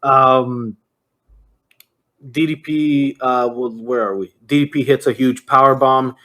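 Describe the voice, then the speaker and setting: A man's voice: medium pitch, fairly even intonation, slow pace, pushed and bright. Podcast co-host, young male, loose rambling recap, lots of "uh" and cursing, mid-range voice. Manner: rambling play-by-play with frequent fillers and cursing. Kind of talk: casual chat recapping a wrestling match.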